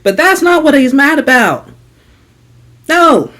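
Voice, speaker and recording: A woman's voice: high-pitched, slow. A young woman vlogger telling a storytime tale, frank and gossipy, swearing freely and acting out quotes. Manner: animated storytelling with acted quotes. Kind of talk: storytime vlog.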